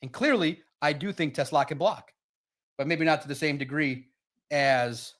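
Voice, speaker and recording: A man's voice: fairly high pitch, moderate pace, fairly bright tone. A man hosting a live sports stream, talking casually and with energy straight to his chat viewers. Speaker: sports livestream host.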